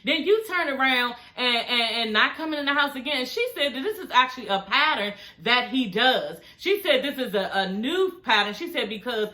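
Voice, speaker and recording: A woman's voice: on the high side, lively intonation, normal speed, hardly any pauses, pushed and bright. A woman vlogger casually recapping a reality show, sassy and profane, talking straight to her viewers. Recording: echoey room.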